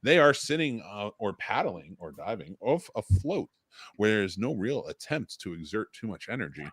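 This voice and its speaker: A man hosting a charity livestream, reading script stage directions in a plain, steady way. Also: fairly low pitch, normal speed, breathy edge, dry recording. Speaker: stream host.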